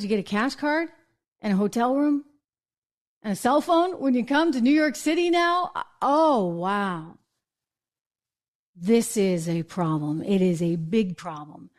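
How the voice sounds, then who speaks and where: A woman's voice: mid-range voice, darkish tone. A woman from New Hampshire hosting an opinion show, indignant and full of rhetorical questions. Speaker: host.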